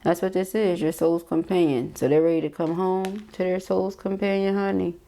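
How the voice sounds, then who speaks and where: A woman's voice: lowish voice, fairly even intonation, normal speed, dark tone. A woman giving a casual tarot reading, reading card affirmations aloud and chatting with viewers. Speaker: tarot reader.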